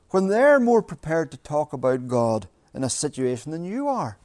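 A man's voice: fairly high pitch, sing-song, normal speed, few pauses, a little mellow, no room sound, studio quality. A middle-aged man preaching a sermon in a church, earnest, repeating phrases and asking rhetorical questions. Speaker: pastor.

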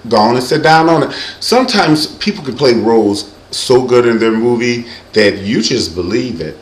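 Man, host, comic celebrity chat, campy, lively pitch, echoey room. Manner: animated, campy, mimics people. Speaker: show host.

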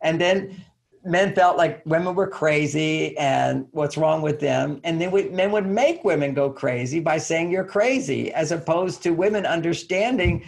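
An older man speaks as a relationship author in a conversational interview. His voice sits a touch high and carries a gravelly, creaky texture. He brightens as he mimics partners in short acted quotes and laughs easily. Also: unhurried. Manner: animated, acts out little dialogues in higher voices, chuckles often.

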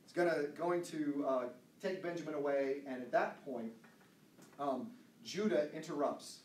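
A man reads Bible passages aloud and teaches in a chatty, aside-filled way in a church room. His voice is a little high with a darkish tone and an unhurried pace, recorded off-mic from a distance with roomy echo, faint ambience, and a little hiss or hum.

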